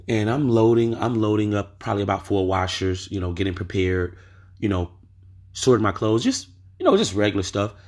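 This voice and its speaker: A man's voice: on the low side, lively intonation, brisk, a little mellow. A man hosting a podcast, telling a story in a casual monologue and pressing his point with rhetorical questions. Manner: emphatic, asks rhetorical questions. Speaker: podcast host.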